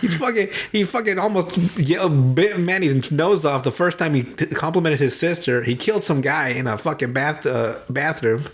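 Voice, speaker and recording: Man, podcast host, casual chat, slightly raised pitch, cursing, laughing storyteller. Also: normal speed, hardly any pauses. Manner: profane, laughing, animated storytelling. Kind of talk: casual chat retelling movies.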